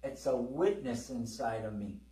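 A man's voice: mid-range voice, animated, measured pace, dark tone, far from the mic. A middle-aged man preaching a sermon to a congregation, telling stories in a conversational way and calling out to the people listening. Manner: conversational storytelling, with calls to the congregation. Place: church hall with congregation. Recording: echoey hall, preacher away from the mic.

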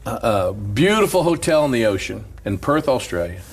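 A middle-aged man, a pastor, telling a story in an animated, preacher-like way and laughing as he goes. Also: medium pitch, normal speed, breathy edge. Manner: lively, laughs through stories, preacher's cadence.

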